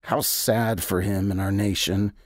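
A man's voice: sits low, fairly even intonation, a little slow, dry recording, clean studio sound. A man voicing a principled male royal advisor who speaks earnestly and disapprovingly, in an audio drama.

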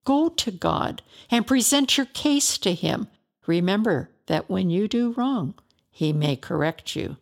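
A woman's voice: mid-range voice, expressive, measured pace, creaky. A woman voicing a stern male friend in a storybook reading, reproachful and lecturing. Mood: reproving.

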